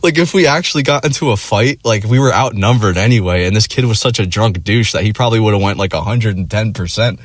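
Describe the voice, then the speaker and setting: A man's voice: on the low side, fast, few pauses, dry recording. A man telling a rambling personal story in casual, profane language, laughing along as he goes. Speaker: vlogger.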